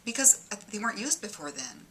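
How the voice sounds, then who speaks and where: A woman with a Midwestern Detroit accent giving a deadpan comedic monologue of mock-earnest warnings. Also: medium pitch, fairly quick, a little hiss or hum. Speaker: comic monologist.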